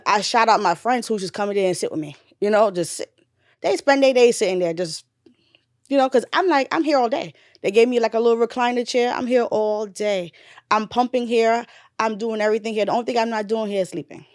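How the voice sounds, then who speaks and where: A young adult woman, a mother, candidly telling her story in a casual interview, animated, with blunt slang and swearing. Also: fairly high pitch, brisk, dry recording, clean studio sound.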